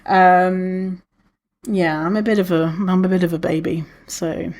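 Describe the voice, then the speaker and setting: A woman hosting a podcast alone, chatting casually, swearing freely and laughing often, with many restarts. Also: measured pace. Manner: animated, lots of restarts, acts out quotes in a higher voice. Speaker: podcast host. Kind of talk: casual solo podcast talk.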